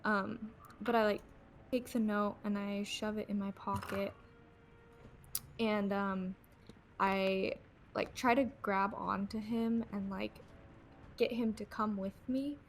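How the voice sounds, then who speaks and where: A young woman describes her character's actions in a tabletop game over a voice call. She speaks very slowly and hesitantly, with lots of fillers. Faint ambient noise sits under her voice. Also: medium pitch, steady tone. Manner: hesitant, slow, many fillers. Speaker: player.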